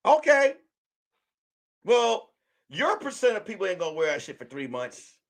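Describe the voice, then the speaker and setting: Man, high voice, lively swooping pitch, joking livestream rant. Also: moderate pace. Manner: animated, joking, acts out quotes in mock voices. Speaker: livestream host. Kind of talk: casual commentary monologue.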